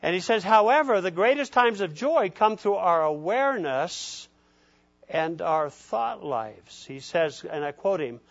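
Male pastor, folksy conversational sermon, slightly high voice, dull lo-fi recording. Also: expressive, a little slow, gravelly. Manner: folksy, checks in with listeners.

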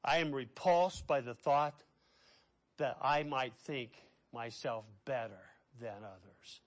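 A middle-aged man preaching a sermon as pastor. He swings between hushed, quiet passages and loud, impassioned ones. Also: mid-range voice, takes it slowly.

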